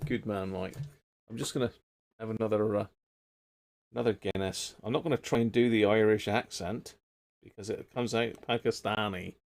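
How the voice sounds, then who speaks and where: A man's voice: fairly low pitch, steady tone, normal speed, creaky, pauses often. A man hosting a live repair stream, thinking aloud in a rambling, casual way and chatting with viewers. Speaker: radio repair livestream host.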